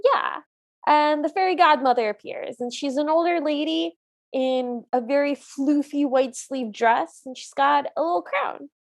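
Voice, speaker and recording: A woman's voice: high-pitched, a little slow, creaky. A woman co-hosting a podcast in casual chat, earnest and openly opinionated about what she likes and dislikes. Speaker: podcast co-host.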